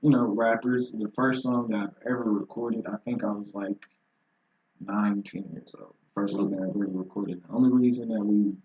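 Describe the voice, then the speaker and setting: A man's voice: fairly low pitch, fairly even intonation, normal speed. A man in his twenties, a rapper guest, talking casually and profanely about his start in music, laughing often. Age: 20s. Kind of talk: casual conversation. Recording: roomy, distant, dull lo-fi sound.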